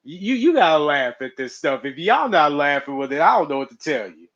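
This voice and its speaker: A man's voice: a little high, big pitch swings, brisk, fairly bright tone. A man chatting casually on a stream, rambling and laughing often. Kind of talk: casual live-stream chat. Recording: slightly dull lo-fi mic.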